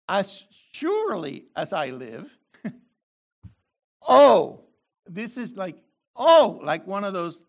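A man preaching a sermon, reading scripture slowly and then breaking into loud, animated exclamations. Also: high-pitched, gravelly.

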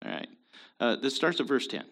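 A man's voice: mid-range voice, big pitch swings, fairly quick, fairly bright tone. A man hosting a show, giving opinionated commentary in an emphatic, preachy way. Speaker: show host.

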